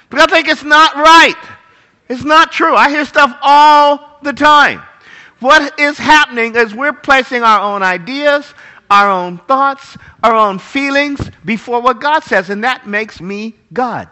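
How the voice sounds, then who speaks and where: A man preaching a sermon as pastor, animated and jokey, acting out little voices of pets and people. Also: extremely high pitch, measured pace.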